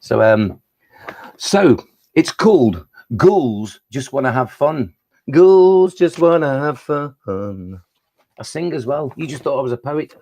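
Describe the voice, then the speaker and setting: A man with a Midlands accent performs playful rhyming poems for schoolchildren on a live stream. Between poems he chats in a relaxed, friendly way, greeting viewers. His voice sits at an ordinary middle pitch. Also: a little slow, breathy edge. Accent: Midlands English. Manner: playful rhyming recitation and chatty asides to children. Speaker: children's poet.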